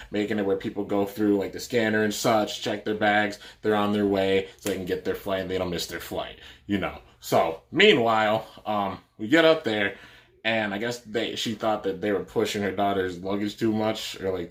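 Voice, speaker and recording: Young man, low voice, casual vlog storytelling, rambling, many fillers. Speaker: YouTuber.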